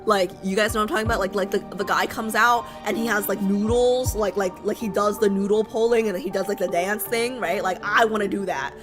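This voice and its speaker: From her home streaming setup in New York, a female streamer rambles through a relaxed chat with viewers and keeps asking them things. Her voice is medium-pitched and steady, moving at a normal speed with few pauses, and music plays underneath.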